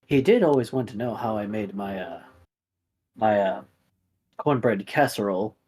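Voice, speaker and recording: A man narrating a tabletop role-playing game as game master, relaxed and full of fillers. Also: on the low side, normal speed, slightly rough, rough recording.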